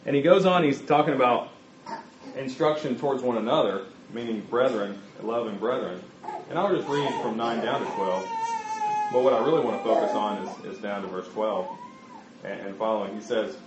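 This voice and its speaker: A man preaching a sermon, talking in a conversational, halting way with many fillers and restarts. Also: medium pitch, recorded from a distance, background noise. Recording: echoey, dull room recording.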